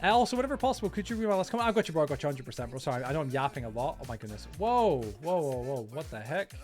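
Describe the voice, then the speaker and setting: A man chats live with his viewers while building in a game. He talks fast in a high voice, restarting sentences and excitedly greeting and thanking people. Soft music plays faintly behind him. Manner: rambling with frequent restarts. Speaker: streamer. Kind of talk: casual live-stream chat while gaming.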